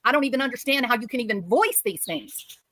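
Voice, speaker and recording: A woman's voice: on the high side, lively intonation, fast talker, a bit bright. A woman giving heated commentary as a streamer, scolding and repeating herself for emphasis.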